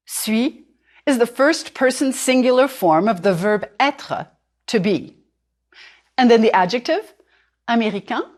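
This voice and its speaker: A woman language teacher, narrating a lesson clearly and deliberately and slowing down on words she wants repeated. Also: a little high. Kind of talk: instructional narration.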